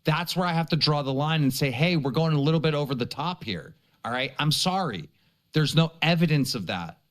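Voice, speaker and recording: Animated man hosting a livestream. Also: on the high side, a little fast. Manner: insistent, repeatedly apologetic. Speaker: livestream host. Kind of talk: livestream commentary.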